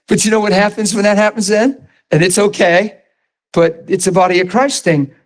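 A middle-aged pastor with a drawl, preaching in a somewhat high voice. He keeps it conversational, tossing questions and asides to the congregation as he builds his points with real energy. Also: fairly even intonation, normal speed. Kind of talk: sermon.

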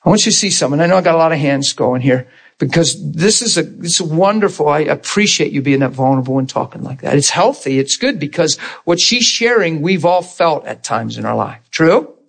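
A man's voice: a little high, expressive, fairly quick, creaky, fairly bright tone, slightly rough. A middle-aged man preaching a conversational sermon to a small class. He asks the room for agreement and acts out prayers and God's replies in quoted voices.

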